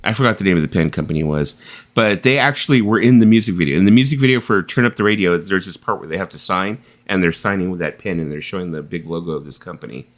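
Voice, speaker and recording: A man's voice: low voice, fast. A man hosting a casual late-night live-stream chat who jokes around and laughs a lot. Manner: joking, laughs often, animated. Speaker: host.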